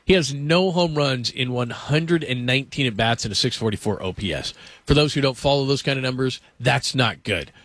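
A man's voice: mid-range voice, fairly quick, a bit bright, no echo. Man hosting sports talk, dry mic. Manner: conversational, quizzing his co-host. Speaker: sports radio host.

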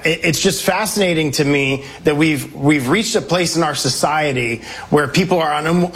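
Emphatic congressman with slightly high voice. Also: fairly bright tone. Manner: emphatic, confident talking points. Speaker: congressman, guest. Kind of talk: political interview.

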